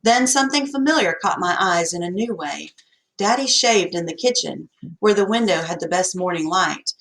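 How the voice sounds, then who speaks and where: A woman narrating an audiobook in the first person, in a folksy, expressive storytelling manner. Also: fairly low pitch, moderate pace, rough recording.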